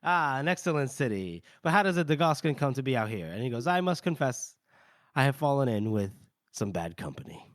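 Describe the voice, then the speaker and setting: A medium-pitched man whose voice swings widely in pitch co-hosts a podcast, chatting casually as he recaps chapters of a novel. Scenes come with brief put-on character lines and plenty of laughter. Studio quality, dry recording.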